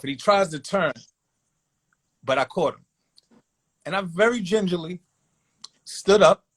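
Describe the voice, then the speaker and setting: Guy telling a story from his school days, voice sits a bit high, animated. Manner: animated, acts out other voices in quotes. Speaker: guest telling a personal story. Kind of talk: casual storytelling.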